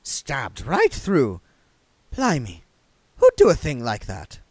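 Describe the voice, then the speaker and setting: A man's voice: mid-range voice, huge pitch swings, takes it slowly, darkish tone, breathy edge, dry recording, full character voice. A man reading aloud and voicing a gossipy, earthy old village witch woman. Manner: chatty, earthy.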